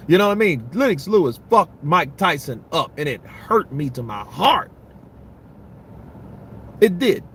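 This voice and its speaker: A man's voice: a little high, big pitch swings, normal speed, few pauses, sharp tone, slight background noise. A man giving casual, rambling boxing commentary, full of profanity and restarts.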